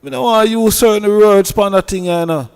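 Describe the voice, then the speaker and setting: A man's voice: high voice, a little fast, vocal fry, a little mellow, clean tone, long reverb tail. A man with a Jamaican accent who scolds and preaches in a heated commentary rant, repeating himself. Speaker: online commentator.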